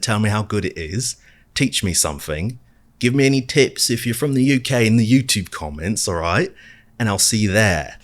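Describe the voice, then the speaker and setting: A man playfully hamming up an exaggerated, excited mock British-style accent for fun. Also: deep voice, full character voice.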